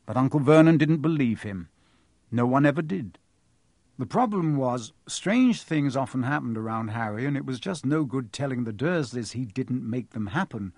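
A man reading a novel aloud as an audiobook, in an expressive, animated storytelling manner. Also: medium pitch, moderate pace, dry recording, clean studio sound. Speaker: narrator. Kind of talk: audiobook narration.

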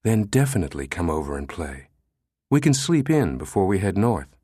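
A man's voice: medium pitch, big pitch swings, moderate pace, darkish tone, no room sound, studio quality. A man voicing a young woman in an audiobook, affectionate and anxious about her fiancé. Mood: pleading.

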